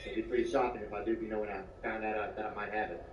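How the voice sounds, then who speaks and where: A man doing rambling, deadpan stand-up comedy, filling his lines with "you know.". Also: lowish voice, rapid-fire. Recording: echoey, distant, dull, noisy live room.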